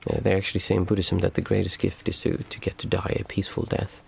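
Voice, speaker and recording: Low, gravelly-voiced male meditation teacher. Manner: calm, reflective, halting. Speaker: meditation teacher and stream host. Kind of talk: livestream Q&A talk.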